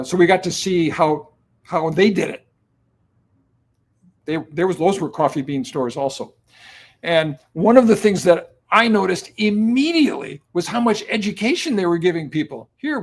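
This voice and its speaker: An older man in his seventies, a guest on an interview show, recounts stories in a loose, relaxed way, pausing on plenty of ums and uhs. His voice sits a bit higher than most men's. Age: 70s. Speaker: guest, company cofounder. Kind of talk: conversational storytelling.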